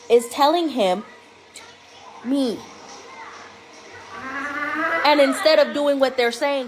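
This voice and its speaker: A woman, a mother, telling a story to the camera in a casual, animated and incredulous way. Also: a little high, a little hiss or hum. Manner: animated, incredulous, quoting her child.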